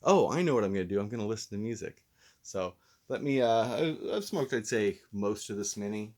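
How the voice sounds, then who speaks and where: A man's voice: fairly low pitch, animated, a little fast, darkish tone. A man hosting a casual vlog review who talks in a rambling, laid-back, self-deprecating way while mildly stoned. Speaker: host and reviewer.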